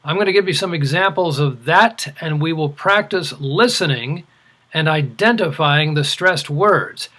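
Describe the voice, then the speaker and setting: Male ESL teacher, slightly high voice, very slow and over-articulated delivery. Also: pushed and bright. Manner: over-articulated, stressing words clearly. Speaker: English teacher. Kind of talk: slow, deliberate ESL lesson.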